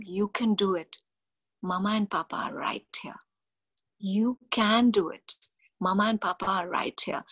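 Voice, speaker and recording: A middle-aged woman, a mindfulness coach giving an animated, expressive webinar talk on parenting. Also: medium pitch, breathy edge. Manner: expressive, animated storytelling with acted-out quotes.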